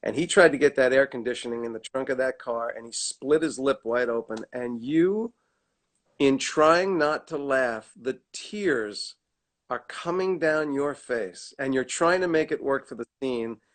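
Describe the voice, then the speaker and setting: A middle-aged man telling animated stories in a casual chat over a video call, laughing often. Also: mid-range voice, unhurried. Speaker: guest actor. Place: at home.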